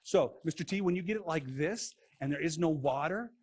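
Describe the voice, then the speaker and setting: A man teaching a playful science demo for kids, goofy and excitable, joking as he goes. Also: a little high, fairly quick.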